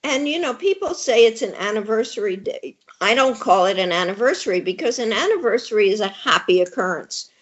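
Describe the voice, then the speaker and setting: A woman's voice: mid-range voice, expressive, a little fast, few pauses. An older widowed woman talking candidly with wry humor as an interview guest. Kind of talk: conversational interview. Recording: dull lo-fi audio.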